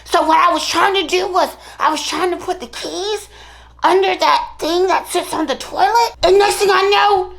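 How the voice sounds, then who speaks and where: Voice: extremely high pitch, normal speed, gravelly, fairly bright tone, full character voice, rough recording. A performer voicing a mischievous, food-stealing mermaid woman as the host of a comedic mukbang character skit, breaking into sing-song rhyming prayers. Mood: sneaky chatter.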